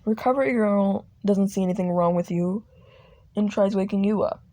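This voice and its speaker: A young woman narrating a fan audio drama slowly, halting and restarting. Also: mid-range voice, warm tone.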